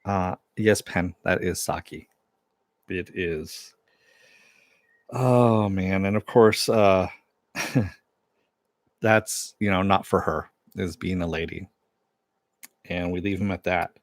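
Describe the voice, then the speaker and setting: A man's voice: low-pitched, slow, long pauses, no room sound, clean studio sound. A man giving a casual, chatty recap of a TV episode, retelling scenes with loose asides and the odd swear word. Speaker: TV show reviewer.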